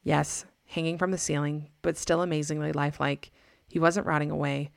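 A woman playing a gruff, raspy old great-uncle who speaks slowly and curtly. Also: a little high, little pitch movement, no echo, clean studio sound. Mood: grave. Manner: slow, curt.

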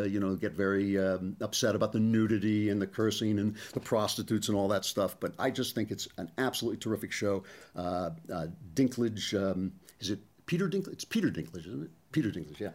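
A middle-aged man hosting a podcast, talking in a casual, digressive commentary style full of small pauses and fillers. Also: on the low side, darkish tone. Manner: conversational, digressive, frequent ums and uhs. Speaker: podcast host.

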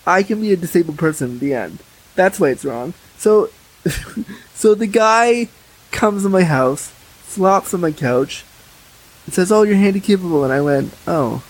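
Husky, blunt man telling candid stories. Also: sits high, unhurried, long pauses, poor audio. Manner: candid, blunt, animated storytelling. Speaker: podcast guest. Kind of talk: casual podcast chat.

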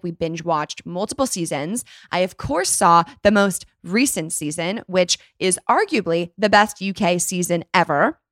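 A woman hosting a podcast, bubbly and excitable, chatting casually and a little tired from a late night. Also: on the low side, dry recording, clean studio sound. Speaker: podcast host.

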